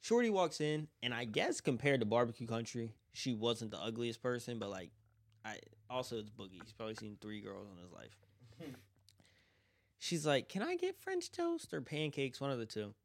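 A man's voice: mid-range voice, animated, normal speed. Young man telling profane work stories. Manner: profane, laughing, acts out coworkers' lines. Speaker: former restaurant worker. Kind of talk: casual storytelling among friends.

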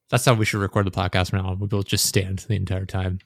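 A man's voice: low-pitched, fairly even intonation, fairly quick, creaky, no echo, studio quality. A young man hosting a casual gaming podcast, rambling and swearing often, with frequent laughter. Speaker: podcast host.

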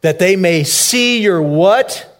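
A man preaching a sermon, shifting between soft low asides and loud, emphatic peaks. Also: expressive, slow pace. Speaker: pastor.

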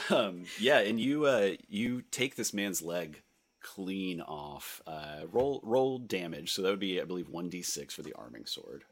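A young man running a tabletop game, relaxed and hesitant with many fillers. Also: deep voice, measured pace. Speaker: game master.

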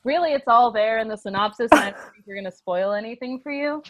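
Woman co-host, high pitched, dead-dry mic, casual giggly movie chat. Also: fast talker, dry recording. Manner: chatty, giggly, reads synopsis aloud. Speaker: podcast co-host.

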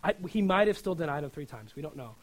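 A man with a slightly high voice gives a sermon in a loose, conversational style. He keeps checking in with his listeners and acts out the prayers he quotes. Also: expressive, fast talker, poor audio. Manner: informal, often asks "right?", acts out quoted prayers. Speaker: preacher.

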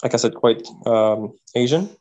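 A man from Quebec, a podcast guest telling travel stories in a casual, animated way, often repeating words as he thinks. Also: mid-range voice, moderate pace, muffled recording. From Quebec, Canada. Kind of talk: casual interview storytelling.

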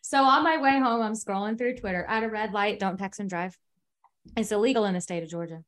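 A woman co-hosting a sports podcast, chatting casually and teasing the others. Her voice sits at a middle pitch for a woman. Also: a little fast, a bit bright. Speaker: podcast co-host.

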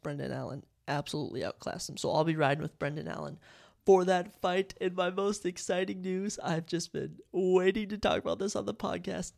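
A young man from Minnesota hosting a casual solo podcast, talking in an excitable, rambling way and often correcting himself. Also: sits high, creaky. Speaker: podcast host.

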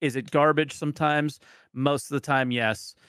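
A man's voice: fairly high pitch, normal speed, clean tone, dry recording, clean studio sound. Rambling man from New Jersey. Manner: rambling, animated, self-deprecating. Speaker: streamer guest. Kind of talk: casual podcast chat.

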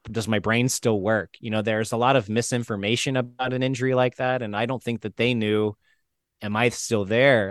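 A man from Florida, an injured veteran, telling his story as an interview guest in a casual, animated way, acting out the quotes. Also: on the low side, smooth, no echo, studio quality. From Florida, United States. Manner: animated, acts out quotes with shifts in voice.

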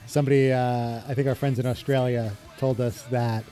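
A man's voice: medium pitch, level tone, normal speed, warm tone. A man in his thirties co-hosting a podcast, chatting casually about music with dry jokes. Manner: dry, joking, conversational. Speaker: podcast co-host.

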